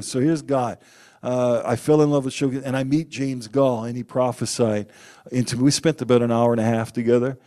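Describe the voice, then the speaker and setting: A man preaching a sermon, telling personal stories in an animated way and acting out the quotes loudly. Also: medium pitch.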